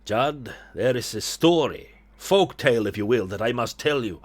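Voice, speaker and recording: A man reading the lines of an earnest young man telling a dark folk tale, in a solemn storytelling manner. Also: mid-range voice, expressive, normal speed, natural voice.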